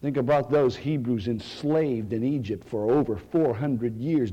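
A male pastor preaching a sermon in a church, swinging from loud, rising cries to hushed, quiet lines. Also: mid-range voice, unhurried, few pauses, muffled recording.

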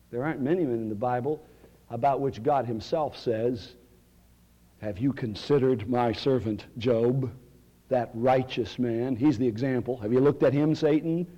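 A male pastor preaching a sermon in a church, swinging from loud, rising cries to hushed, quiet lines. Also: mid-range voice, lo-fi sound.

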